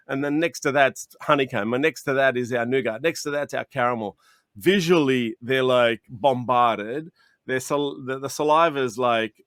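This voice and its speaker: An Australian chocolatier, interviewed on video, tells his stories enthusiastically, acting out exchanges with customers in an animated manner and restarting often. His mid-range voice moves at normal speed. The recording, made over a video call, is dry and clean like a studio.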